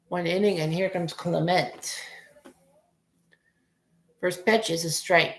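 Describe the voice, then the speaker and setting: A woman in her forties streams as a fan, giving casual, rambling play-by-play of a baseball game and cursing at bad plays. Her voice is fairly low and creaky, and the room sounds echoey.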